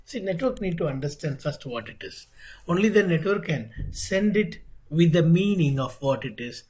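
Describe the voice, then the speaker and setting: A man teaching networking in an online lecture. He speaks deliberately, repeats key phrases and asks rhetorical questions. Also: fairly high pitch, expressive, darkish tone, slightly rough, low-quality recording. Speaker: networking instructor.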